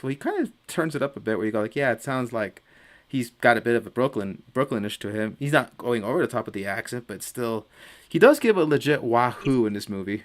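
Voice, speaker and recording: A man's voice: medium pitch, lively intonation, brisk. A man hosting a casual podcast chat, rambling and laughing at his own jokes. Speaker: podcast host.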